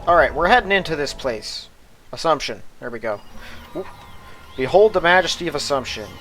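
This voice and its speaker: A man's voice: fairly high pitch, lively intonation, a little fast, a bit bright, a little hiss or hum. A man hosting a casual let's play with wry asides and on-screen text read aloud. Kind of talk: casual gameplay commentary.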